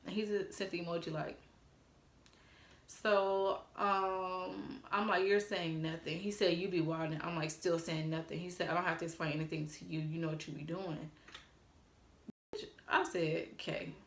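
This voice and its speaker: A woman with a fairly low voice tells a casual storytime into her phone, swearing freely. She reads text messages aloud as she goes. The room gives her voice a noticeable echo. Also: moderate pace. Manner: animated, quotes texts aloud, swears freely. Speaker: vlogger.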